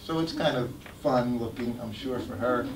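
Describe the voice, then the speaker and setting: An older man, telling stories about his memories in an animated way and laughing as he goes. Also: mid-range voice, normal speed, a little hiss or hum. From United States. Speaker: guest speaker sharing memories. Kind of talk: anecdotal storytelling talk. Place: temple hall. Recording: echoey hall, mic at a distance.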